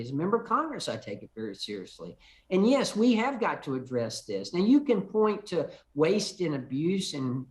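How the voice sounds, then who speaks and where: Older male congressman, emphatic, restarts his sentences, fairly high pitch. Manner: emphatic, repeats words when starting sentences. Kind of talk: call-in TV interview answers.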